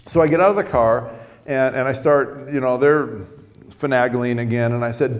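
A man's voice: mid-range voice, fairly even intonation, normal speed, in a large hall. A man preaching a sermon, telling a story conversationally with frequent restarts.

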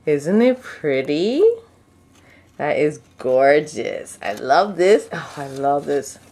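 A woman's voice: sing-song, slow, creaky, darkish tone. Gushing woman squealing over an unboxing. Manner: gushing, breathless exclamations, leaps to high squeals. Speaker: crafting vlogger. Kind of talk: excited unboxing chat.

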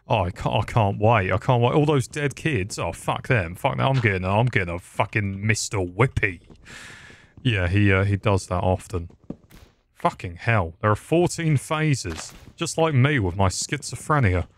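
Lower-voiced young gamer, crude dark humor, loose rambling delivery. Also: male voice, lively intonation, normal speed. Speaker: gaming YouTuber. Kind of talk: casual Minecraft commentary.

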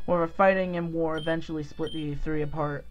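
A gamer voicing a smug cult villain. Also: male voice, on the high side, brisk, a little hiss or hum, pitched below the performer's own voice, close to an everyday voice. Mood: lecturing. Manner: calm, condescending, lecturing. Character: smug male cult commander riding a dragon. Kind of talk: reading game dialogue aloud.

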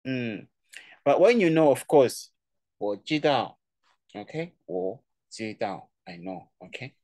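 Tutor, playful, laughs a lot, drills words, middle pitch, dry close sound, video call. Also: very animated, unhurried, dark tone, dry recording. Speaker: Chinese tutor. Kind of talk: casual online language lesson.

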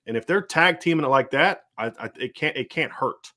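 A male podcast host breaking down football in a fast, energetic stream. He talks quickly and acts out the voices of coaches as he goes. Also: on the high side. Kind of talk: fast sports analysis chat.

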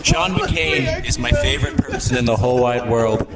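A man's voice: medium pitch, wildly swooping pitch, normal speed. A man doing an over-the-top joking rant of gushing mock praise, laughing as he goes. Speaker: gamer doing comedy bits. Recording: echoey room, far from mic, loud noise.

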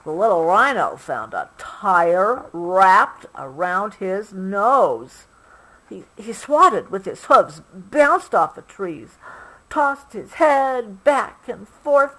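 Slow, expressive mom reading a storybook. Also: female voice, mid-range voice, low-quality recording. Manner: slow, expressive, pauses to explain to the child. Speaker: mother reading to her child. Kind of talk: storybook read-aloud.

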